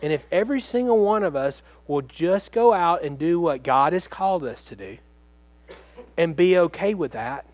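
Earnest male pastor preaching, fairly high voice. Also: lively intonation, normal speed, a little mellow, dry recording. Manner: earnest, conversational preaching with direct questions to the congregation. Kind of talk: sermon.

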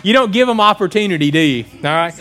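High-voiced man preaching a sermon. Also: expressive, fast talker, pushed and bright. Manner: conversational, asks the congregation questions. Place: church.

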